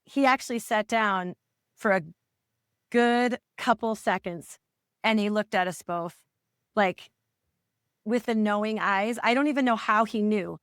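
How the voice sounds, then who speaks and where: A parent coach in her forties shares her family's story on a podcast interview, candid and earnest, acting out the dialogue she remembers. Her mid-range voice is clear and resonant, measured in pace with frequent pauses, recorded dry at studio quality.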